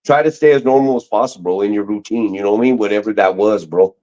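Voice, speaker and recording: A man's voice: fairly low pitch, fast talker, mellow, lo-fi sound. A middle-aged male guest telling stories in a casual, slangy, rambling way with many restarts. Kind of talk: casual storytelling chat.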